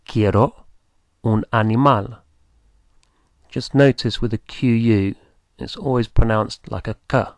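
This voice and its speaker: A man's voice: mid-range voice, measured pace, pauses often, no echo. A man teaching a beginner language lesson, patiently repeating and spelling out words.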